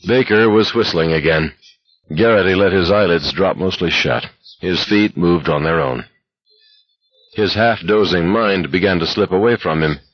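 Low, husky male audiobook narrator. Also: no echo, lo-fi sound. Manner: steady, measured reading. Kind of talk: scripted narration.

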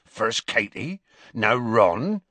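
A man reading aloud and voicing a huge, shaggy, gruff gamekeeper who talks hoarsely and anxiously. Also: fairly low pitch, very animated, drawn-out words, sharp tone, no echo, heavily acted.

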